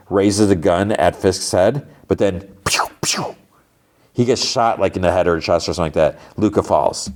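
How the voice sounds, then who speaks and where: A man's voice: deep voice, darkish tone. A man hosting a podcast, casually recapping TV episodes in a chatty way, full of "like" and "you know.". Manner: exasperated at the plot. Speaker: podcast host.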